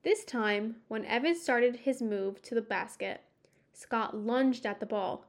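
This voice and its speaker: A woman narrating a children's sports story in a measured, expressive storytelling way. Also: a little high. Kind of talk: audiobook narration.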